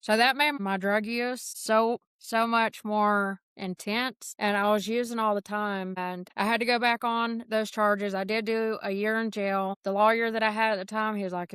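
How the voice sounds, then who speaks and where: A woman from tells her life story with a very smooth, clear voice. She speaks frankly and earnestly, slipping into the voices of people she quotes. The recording is dry and close, with no room sound. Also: mid-range voice, fairly even intonation, normal speed, few pauses, a bit bright, dry recording. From north Georgia, USA. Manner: emotional, earnest. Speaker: podcast guest. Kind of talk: candid personal testimony.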